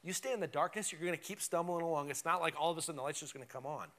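A man's voice: fairly high pitch, very fast, pushed and bright. A man preaching a conversational, emphatic sermon in a church, often checking in with "right?". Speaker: pastor. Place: church sanctuary.

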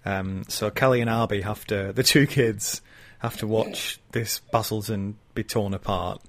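A man's voice: fairly low pitch, fairly even intonation, unhurried. Laughing man retelling a story. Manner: laughs often while retelling, acts out quoted lines. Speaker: podcast co-host. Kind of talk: casual chat retelling a novel.

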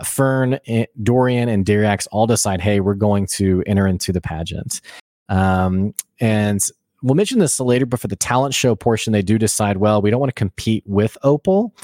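A man in a casual recap chat, telling the story in an animated way with many fillers and quick laughs. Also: fairly low pitch, dry recording, studio quality. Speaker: podcast co-host.

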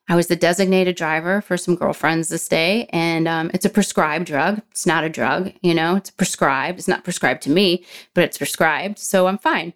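A woman's voice: fairly low pitch, fairly even intonation, normal speed. A woman in her forties telling her own story in a frank, blunt way, swearing freely and laughing at herself. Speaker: guest sharing a recovery story. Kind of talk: candid personal storytelling.

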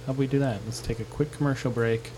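A man's voice: medium pitch, steady tone, fast talker, noisy background. A man co-hosting a casual podcast outdoors, teasing his co-host in a dry way. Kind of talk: casual chat.

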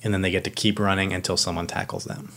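A man's voice: deep voice, little pitch movement, fast, fairly bright tone. A man in casual chat explaining football rules, rambling with many restarts and fillers. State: out of breath.

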